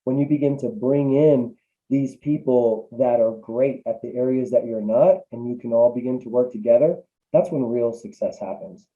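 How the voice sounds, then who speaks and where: A man's voice: medium pitch, fairly even intonation, moderate pace, phone-quality sound. A man, a business coach guest, talking casually with many fillers and restarts over a remote call. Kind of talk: casual interview answers.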